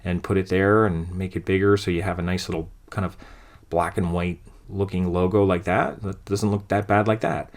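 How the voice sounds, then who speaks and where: A man teaching a design software lesson over a screen recording, talking through each step in a relaxed, thinking-aloud way. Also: deep voice, normal speed. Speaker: design instructor.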